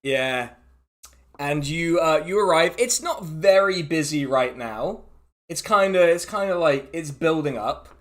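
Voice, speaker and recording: A man's voice: a little high, animated, measured pace, a bit bright. An English man narrating as dungeon master in a laid-back way, laughing often. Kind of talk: narrating a tabletop game.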